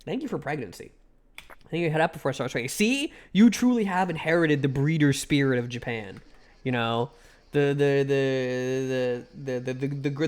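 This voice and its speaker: A man streaming a game, chatting casually and irreverently with his chat. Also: medium pitch. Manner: irreverent, joking, stops to thank chat. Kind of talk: casual live-stream commentary while reading a game aloud. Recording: faint music behind the voice.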